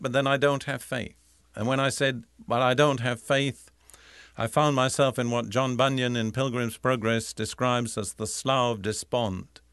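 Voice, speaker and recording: A man preaching a sermon in a measured, deliberate way, slowing down to stress key phrases. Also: mid-range voice, fairly bright tone, no echo. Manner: measured, deliberate, slows for emphasis.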